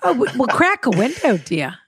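A woman's voice: a little high, sing-song, normal speed, fairly bright tone, slightly rough, no echo. A woman hosting a podcast, chatting in a playful, teasing way with campy endearments. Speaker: podcast host. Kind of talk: casual comedic interview chat.

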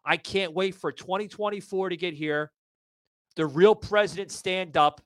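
A man's voice: high voice, moderate pace, a bit bright, no room sound. Fired-up, cursing male talk-show host. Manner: swears a lot, stammering restarts, gets fired up. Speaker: podcast host. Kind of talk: heated political talk-show rant. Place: live audio room broadcast.

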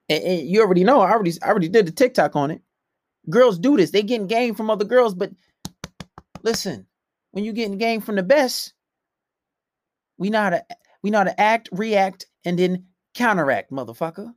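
A man giving blunt, profane dating advice in a casual monologue, swinging between loud outbursts and low mutters. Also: a little fast, pauses often, no room sound, studio quality.

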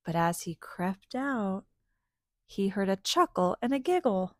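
A woman reading a picture book aloud to children, animated and asking them to join in with sounds. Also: mid-range voice, slow pace, no room sound, studio quality.

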